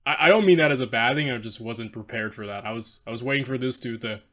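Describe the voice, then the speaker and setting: A man's voice: medium pitch, fast talker, pushed and bright. Rambling self-deprecating man reacting. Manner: rambling, self-deprecating, frequent restarts and laughs. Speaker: reaction video host. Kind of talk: casual reaction commentary.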